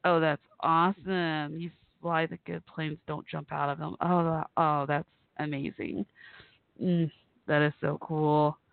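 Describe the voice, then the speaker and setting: A man's voice: a little high, little pitch movement, unhurried, gravelly, clear, resonant tone, dry recording. Gushing man on a tinny line. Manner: gushing, rambling, emotional. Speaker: online radio show host. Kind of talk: casual chat with listeners. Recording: dry, tinny phone-like sound.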